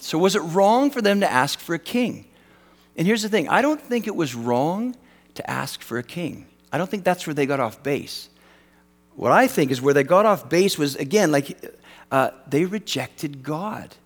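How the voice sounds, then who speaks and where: A man preaching a sermon in an animated, self-deprecating way, acting out the voices he quotes. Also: on the high side, normal speed. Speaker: pastor. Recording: long reverb of a large hall.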